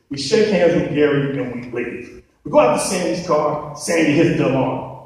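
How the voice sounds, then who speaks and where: A man telling a comic true story on stage, animated and profane, with a live-event sound. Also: on the high side, normal speed. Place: large hall on stage. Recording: echoey hall, distant mic.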